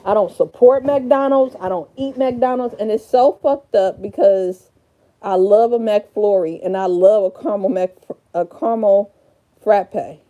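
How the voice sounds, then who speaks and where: A woman's voice: mid-range voice, unhurried, dull audio. A woman with a Detroit accent talking casually on a livestream, blunt, profane and rambling. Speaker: livestream host.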